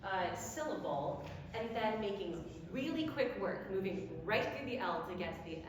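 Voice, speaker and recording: A woman giving a diction lecture, slowly demonstrating sounds and having the audience repeat them. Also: mid-range voice, big pitch swings, a crowd in the background. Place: lecture hall. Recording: very echoey hall, long reverb.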